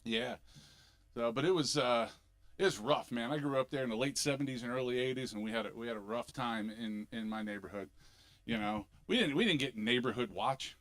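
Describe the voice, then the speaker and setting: A middle-aged man from Philadelphia with a Philly accent, doing an animated, punchy stand-up comedy set on a club stage. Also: mid-range voice, a little fast. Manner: animated, punchy delivery with sudden loud bursts.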